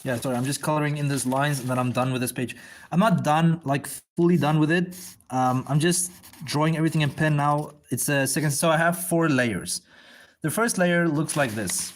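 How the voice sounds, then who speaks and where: A man with a somewhat high voice chats to his viewers while inking comic pages. He thinks out loud, drifts between topics and swears freely, never breaking from the drawing. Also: moderate pace, a little hiss or hum. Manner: loose, profane, thinks aloud and answers viewers. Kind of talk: casual rambling livestream chat.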